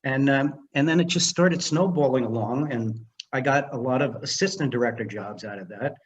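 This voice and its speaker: A man's voice: medium pitch, moderate pace, muffled recording, a little hiss or hum. An older man, a film director and screenwriter, telling stories as a guest in a casual interview and acting out the dialogue. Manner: animated storyteller who acts out dialogue.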